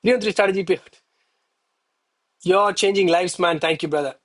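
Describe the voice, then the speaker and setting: A man with a fairly high, husky voice talks straight to his stream viewers. He is emphatic and preachy, repeating himself to drive the point home, and openly lets himself get emotional. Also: normal speed, a bit bright. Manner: emotional, admits getting worked up. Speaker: live-streaming gold trader. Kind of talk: live trading stream talk.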